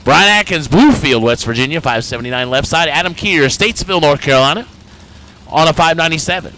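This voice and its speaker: A man with an Indiana accent calling drag races live from an announcer booth, brisk and joking as he reads out names and times. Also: a little high, bright, forceful tone, a little hiss or hum. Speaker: race announcer. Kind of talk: live drag-racing commentary.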